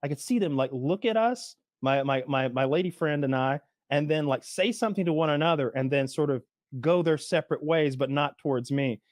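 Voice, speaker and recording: A man tells a story on a podcast, his voice sitting a little high. He is animated and acts out the people in the story. The sound is close and dry, with no room in it. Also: fairly quick, no echo. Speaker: podcast co-host. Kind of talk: casual storytelling chat.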